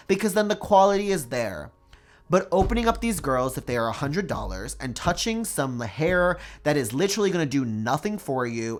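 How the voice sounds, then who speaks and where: A doll collector vlogger giving an emphatic, dramatic opinion rant to camera, repeating words for effect and using "like" often. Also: mid-range voice. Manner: emphatic, dramatic repetition, frequent "like".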